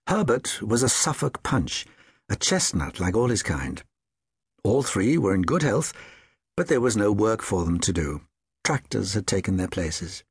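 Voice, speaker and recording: Gravelly, lively male storyteller. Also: on the low side, unhurried, dry recording, clean studio sound. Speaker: audiobook narrator. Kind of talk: scripted children's story narration.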